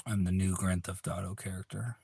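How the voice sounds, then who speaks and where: A man's voice: deep voice, level tone, a little fast, creaky, dark tone, slight background noise. A man hosting a livestream in casual chat, laid-back, rambling and profane. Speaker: livestream host.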